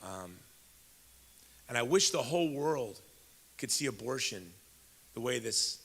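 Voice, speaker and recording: A man's voice: medium pitch, expressive, unhurried, fairly bright tone, husky. A man in his fifties from Chicago giving a keynote speech, telling a personal story in a conversational way and speaking straight to the audience. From Chicago, USA. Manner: conversational, addresses the audience directly. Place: large event hall. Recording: echoey hall.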